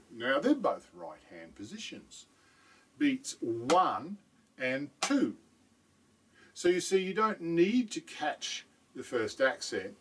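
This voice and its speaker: A man's voice: mid-range voice, slightly rough, distant mic. A man teaching drum technique in a patient video lesson, often checking in with "right?".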